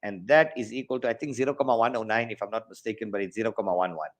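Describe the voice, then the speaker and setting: A man with a South African accent teaching an online exam-prep maths lesson over a video call, lively and jokey, counting steps out loud. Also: lowish voice, racing.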